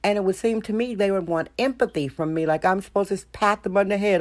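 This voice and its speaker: An opinionated woman hosts her own podcast, talking straight to her listeners. She fires off rhetorical questions and leans hard on her points. Her voice sits at an ordinary middle pitch for a woman. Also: fast, few pauses, darkish tone. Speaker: podcast host. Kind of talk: solo podcast monologue.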